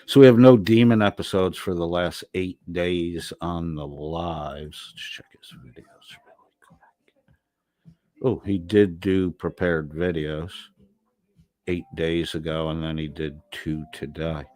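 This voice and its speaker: A man's voice: sits low, steady tone, unhurried, darkish tone, no echo. A man live-streaming, reading chat comments aloud and answering them in a rambling, profane, casual way. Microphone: laptop microphone.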